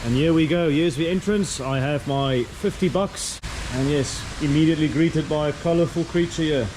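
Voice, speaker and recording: A middle-aged man, vlogging casually on a walking tour and cooing at the birds in a sing-song voice as he goes. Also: normal speed. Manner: chatty, coos at birds in a high sing-song voice. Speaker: travel vlogger. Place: outdoor bird park. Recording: outdoor clip with loud bird noise.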